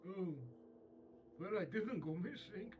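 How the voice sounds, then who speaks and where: A man's voice: sits high, lively intonation, slow pace, noisy background. A man playing a tabletop game, joking sarcastically and swearing freely. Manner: sarcastic, profane. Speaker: player.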